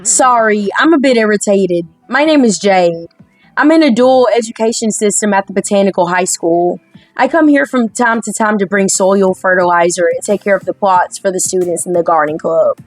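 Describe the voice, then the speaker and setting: A woman voicing a prickly young gardener lad in a dating game, short and irritable with everyone. The voice sits fairly high and sounds dry and close, with no room around it, and faint music plays underneath. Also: moderate pace, no echo, natural voice. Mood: curt. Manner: curt, irritable.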